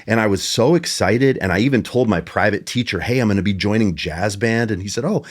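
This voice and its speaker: A middle-aged man, a bass teacher, telling a story in a casual podcast chat and acting out the voices of other people in it. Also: brisk.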